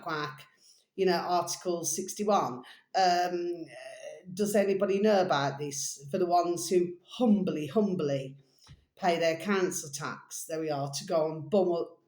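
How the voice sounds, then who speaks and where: A woman's voice: lowish voice, darkish tone. A woman chatting in a rambling, affectionate way to her viewers, circling back to the same pet phrases. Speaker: vlogger. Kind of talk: casual rambling to-camera vlog. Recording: echoey room.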